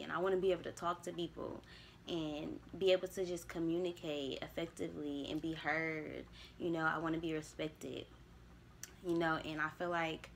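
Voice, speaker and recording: A young woman vlogger reflects candidly to herself on camera about spiritual growth, swearing casually as she goes. Her voice is low-pitched and creaky, a bit bright. A little hiss or hum is audible.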